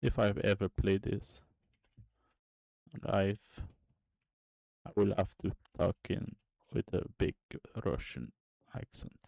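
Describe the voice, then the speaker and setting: A young man streaming game development, quietly muttering to himself in halting phrases as he works. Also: sits low, creaky, no echo. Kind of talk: casual livestream commentary while coding and gaming.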